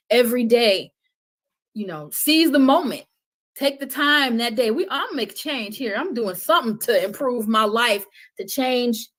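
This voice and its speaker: Passionate middle-aged woman, preaching softly. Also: a little high. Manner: impassioned, preachy, drops to soft intensity. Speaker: podcast guest. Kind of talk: passionate conversational talk.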